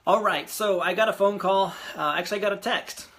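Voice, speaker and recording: A man's voice: sits high, fairly quick, a bit bright. A young man casually vlogging from home about a house deal, rambling with fillers and getting easily frustrated. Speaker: real estate investor vlogger. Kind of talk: casual video diary.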